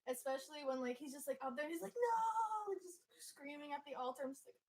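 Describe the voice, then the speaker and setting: A high school senior talks through a film she loves, her voice pitched a little high for a young woman. She fills her speech with "like" and acts out bits of the scenes as she goes. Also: flat delivery, fast, rough recording. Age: teens. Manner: chatty, many "like" fillers, acts out film scenes. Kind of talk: casual chat.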